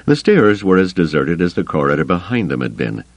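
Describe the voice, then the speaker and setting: Deep-voiced, expressive male narrator. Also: a little fast, no room sound, poor audio. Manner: expressive, suspenseful. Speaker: audiobook narrator. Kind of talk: scripted narration.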